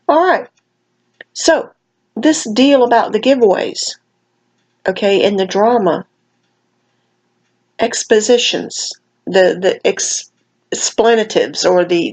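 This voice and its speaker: Tired woman vlogger, slightly slurred, folksy emphatic commentary rant, average pitch. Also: a little mellow, low-quality recording. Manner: folksy, emphatic, sprinkles "honey" and "baby". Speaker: vlogger commenting on another channel.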